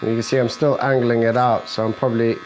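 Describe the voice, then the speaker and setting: A man's voice: medium pitch, little pitch movement, fast talker, slight background noise, low-quality recording. A man, a barber, explaining each step of a fade haircut while he cuts and jokes with his client in a barbershop. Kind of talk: hair-cutting tutorial narration with client chat. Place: barbershop, indoors. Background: faint buzz of electric clippers.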